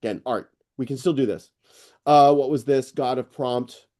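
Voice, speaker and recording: A middle-aged man hosting an online AI news session, rambling and excitable, with lots of fillers and restarts. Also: medium pitch, normal speed. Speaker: host presenting AI news. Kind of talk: casual screen-share walkthrough on a live call.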